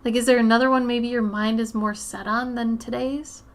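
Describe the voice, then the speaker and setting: A woman's voice: on the high side, steady tone, moderate pace. A woman from Minnesota with a Minnesota accent, hosting a casual art livestream and chatting with viewers, laughing often and tripping over words.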